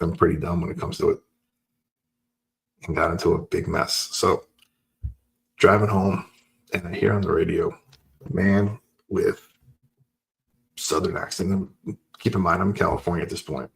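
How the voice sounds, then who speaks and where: A man's voice: deep voice, moderate pace, vocal fry, pauses often. A man hosting a podcast, casually telling a personal story and acting out the voices of people in it. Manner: animated storyteller acting out dialogue. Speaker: podcast host.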